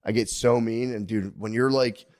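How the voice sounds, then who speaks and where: A man, co-hosting a casual comedic podcast, rambling and profane, loudly acting out the things people say. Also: mid-range voice, steady tone, moderate pace, no room sound, studio quality. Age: 30s. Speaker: podcast co-host.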